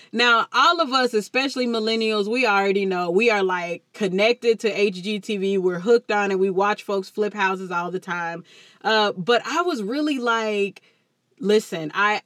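A woman's voice: mid-range voice, no room sound. Chatty Texan woman podcast host. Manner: lively, chatty, uses Southern Black vernacular. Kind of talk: casual podcast chat.

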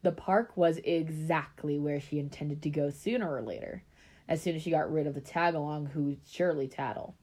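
A woman reading a story aloud in a relaxed way, breaking off now and then for chatty asides. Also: sits low, moderate pace.

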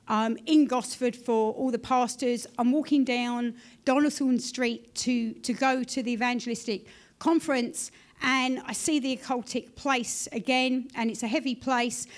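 Woman, high pitched, animated church testimony. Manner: animated storytelling, acts out her own quoted prayers. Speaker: pastor giving a testimony.

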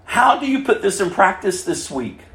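A man preaching a sermon as pastor, impassioned and full of rhetorical questions, dropping from loud to hushed. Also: high voice, very animated, normal speed, creaky, roomy sound.

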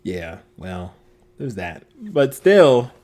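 Man, podcast co-host, teasing and playful, very expressive pitch swings. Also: drawn-out words. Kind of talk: casual podcast chat.

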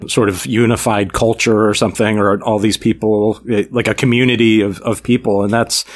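A man with a fairly low voice co-hosts a casual music podcast. He talks in a loose, jokey way. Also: flat delivery, brisk. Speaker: podcast co-host.

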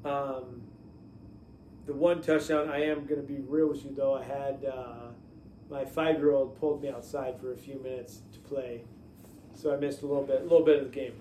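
A man's voice: mid-range voice, normal speed. Male co-host, casual sports chat, lots of likes and ums, echoey room. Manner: relaxed, hesitant, with many likes and ums. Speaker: podcast co-host. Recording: echoey room, mic at a distance, faint noise.

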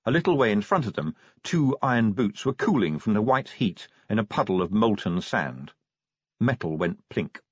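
In a scripted audiobook reading, a man with a deep, husky voice tells the story with wry drama, pitch curving up and down expressively, at a moderate pace. The recording is dry and close-miked, with a somewhat dull, muffled top end.

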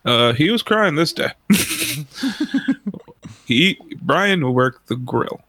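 His voice is on the high side, sing-song and sharp, and he speaks very slowly in a dry recording. The man drifts through a long, casual story, cursing often and laughing as he tells it.

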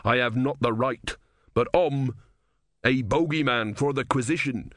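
A man's voice: mid-range voice, measured pace, a bit bright, no echo, studio quality, lightly acted. A man voicing a bitter, zealous young soldier who speaks fervently and scornfully in a storybook reading.

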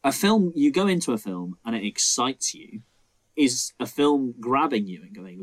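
A man's voice: mid-range voice, very animated, normal speed. A young man co-hosting a casual film debate podcast, who acts out scenes in mocking voices. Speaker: podcast co-host.

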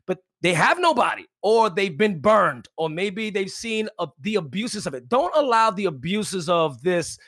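A man's voice: high voice, expressive, normal speed, hardly any pauses, a bit bright, dry recording. A male minister guesting on a podcast, encouraging listeners in a preacherly way. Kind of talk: exhortation in podcast discussion.

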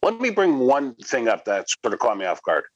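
A man's voice: medium pitch, huge pitch swings, a little fast, highs cut off. A man co-hosting a wrestling podcast in casual chat, teasing his partner with joking banter.

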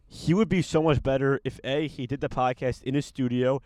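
A man's voice: medium pitch, steady tone, a little fast, a little mellow, no echo. A young man, a stand-up comic co-hosting a podcast in a parked car, talking in a rambling, profane, self-deprecating way. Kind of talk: casual chat.

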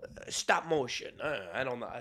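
A man putting on a Boston accent to voice a male film director who turns to the occult, in a hushed, muttering way. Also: medium pitch, lively intonation, normal speed, a little hiss or hum, voice pushed down.

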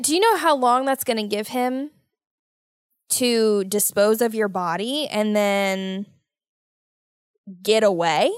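A woman hosting a casual solo podcast, talking in an animated, worried, motherly way and exaggerating her fears. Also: a little high, no echo, clean studio sound. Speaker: podcast host.

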